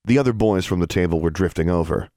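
Deep-voiced male audiobook narrator, animated pitch, dry studio sound. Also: fast talker, dry recording. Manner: expressive storytelling.

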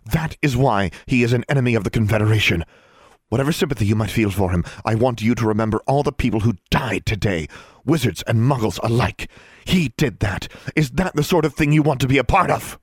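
A man's voice: medium pitch, expressive, fairly quick, breathy edge, dry recording, studio quality, pitched above the performer's own voice. A male narrator voicing a stern, commanding female wizard inquisitor in a storybook. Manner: cold, commanding, clipped.

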